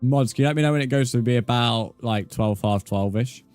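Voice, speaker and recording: A man's voice: mid-range voice, a little fast, a little mellow, smooth, no echo, faint music behind. A man, chatting casually with viewers while he plays a game on a livestream and calling them mate. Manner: laid-back, chatty, calls viewers mate. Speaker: game streamer.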